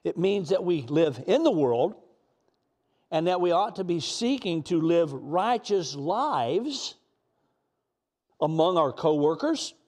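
A man's voice: fairly high pitch, big pitch swings, slow, darkish tone. A middle-aged man preaching a sermon in an earnest, emotional way, sometimes close to tears.

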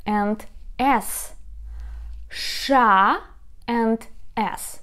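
Ukrainian-accented woman teacher, young, slow and careful delivery for a pronunciation lesson. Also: on the high side. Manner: reads tongue twisters slowly then faster and faster. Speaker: language teacher.

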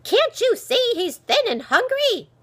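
A woman reading aloud, voicing a sharp-tongued, bent little old woman who scolds loudly. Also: extremely high pitch, sing-song, measured pace, voice pushed up, exaggerated voice. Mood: scolding.

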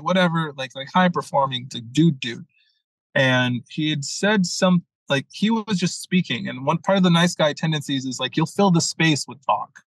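A man's voice: fairly high pitch, no echo, low-quality recording. A young adult man, a mentor, telling a story in a casual podcast talk, acting out quotes and swearing freely. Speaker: masculine leadership mentor, guest.

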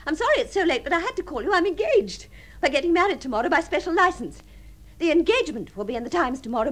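Brief: high, very animated refined, lonely fantasist in a radio play, breathy and giddy. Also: female voice. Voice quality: refined, swings between breathy tenderness and giddy excitement. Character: deluded lonely upper-class spinster dreaming of marriage. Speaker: the Princess. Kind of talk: radio drama acting.

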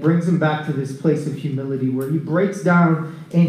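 High-voiced male preacher in an echoey room. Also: moderate pace, slight background noise. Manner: animated storytelling, acting out scripture scenes. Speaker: preacher at a recovery ministry. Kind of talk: conversational sermon.

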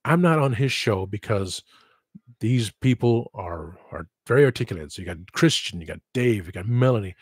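A man's voice: fairly low pitch, expressive, normal speed, breathy edge, no echo, studio quality. A man hosting his own livestream podcast, talking frankly in a loose, rambling way and swearing freely. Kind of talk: casual rambling livestream chat.

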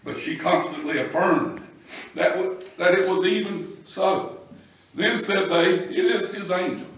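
A man preaching a sermon, swinging from low scripture reading to loud shouting. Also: unhurried. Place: church. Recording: echoey church room from a distant mic.

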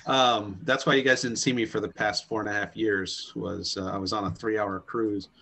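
A man's voice: lowish voice, steady tone, normal speed, vocal fry, pushed and bright. A man on a comedy panel telling a meandering anecdote with dry asides. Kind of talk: improvised comedy chat.

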